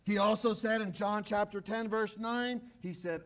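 A male pastor preaching a sermon, emphatic, repeating key phrases and often sinking to a hushed, low voice. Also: fairly even intonation, moderate pace.

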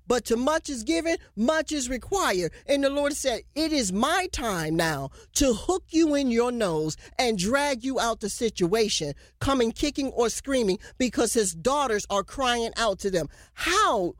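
A woman's voice: on the high side, animated, measured pace, few pauses, no echo, studio quality. A woman preaching a fervent prophetic sermon, declaiming messages in the voice of the Lord.

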